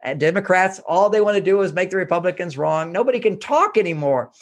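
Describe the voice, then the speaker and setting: An older man from Houston, Texas, gives self-help advice as an interview guest. His voice sits a little high for a man and has a gravelly, creaky edge. He talks earnestly and drives each point home by repeating it. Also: expressive, quick pace. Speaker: author and relationship guest.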